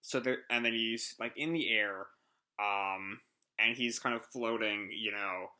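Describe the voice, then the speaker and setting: Male reaction host, bright voice, loose rambling commentary with fillers and swearing. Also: lowish voice, a little slow. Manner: rambling with many ums and uhs; swears casually. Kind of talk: casual live reading and commentary.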